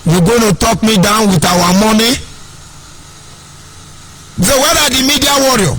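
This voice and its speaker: High-pitched Nigerian man, impassioned. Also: expressive, moderate pace, fairly bright tone, a little hiss or hum. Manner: sing-song, preachy, repeats phrases. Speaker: online broadcaster. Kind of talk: impassioned political monologue.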